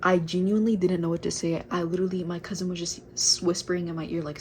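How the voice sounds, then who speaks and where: Young woman, casual storytime, chatty and rambling, slightly low voice, faint background hiss. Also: steady tone, fast, darkish tone. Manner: chatty, filler-heavy, addresses viewers as girl. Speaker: vlogger.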